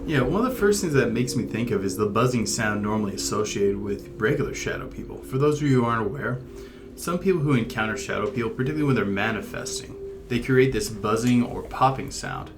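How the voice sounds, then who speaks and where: A man co-hosting a paranormal discussion show, explaining things in a measured, thoughtful way. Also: fairly low pitch, expressive, background noise. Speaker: paranormal podcast co-host. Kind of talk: casual discussion.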